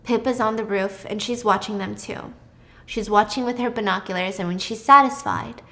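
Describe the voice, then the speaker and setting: A woman's voice: mid-range voice, moderate pace, pushed and bright. A young woman hosting a casual show, retelling a plot dramatically and swearing freely. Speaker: host. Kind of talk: casual storytelling recap.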